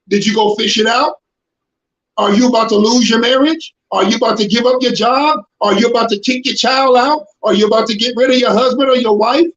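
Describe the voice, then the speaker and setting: A man preaching to a congregation in an emphatic, confrontational way, breaking into shouted bursts. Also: very high-pitched. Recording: roomy, dull lo-fi sound.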